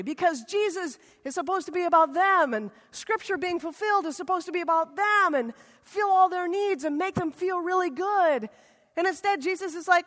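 A woman preacher delivering a sermon in a college worship hall, conversational and animated as she retells a story. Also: very high voice, moderate pace. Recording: echoey hall reverb.

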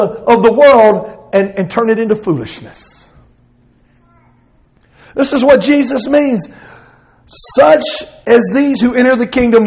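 Man, southern accent, high voice, preaching, animated. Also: vocal fry, low-quality recording. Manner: expressive preaching, voicing Jesus in bursts. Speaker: pastor. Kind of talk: sermon.

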